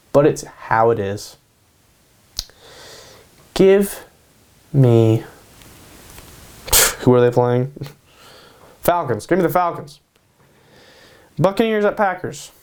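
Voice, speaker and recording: This man's voice sits a little high with a darkish tone. He hosts his own show from home in Kansas, making casual sports predictions with lots of hype, repeating his picks and adding "baby" to the end of them.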